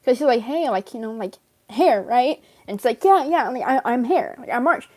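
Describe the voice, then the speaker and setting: A woman tells a long, rambling story while staying in character. Her voice sits a little high, and she leans on "like" constantly. She laughs often as she goes. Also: expressive, moderate pace, a little mellow. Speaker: fan role-player in character.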